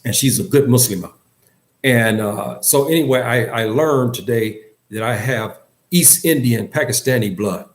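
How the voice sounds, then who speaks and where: A man's voice: medium pitch, moderate pace. A man giving an Islamic lesson in English, earnest and emphatic, often repeating himself and restarting his sentences. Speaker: religious teacher.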